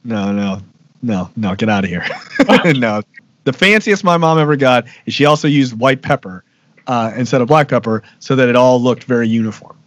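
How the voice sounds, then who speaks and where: A man's voice: medium pitch, expressive, moderate pace. A man from Baltimore, a guest in a casual interview, talking emphatically and laughing often.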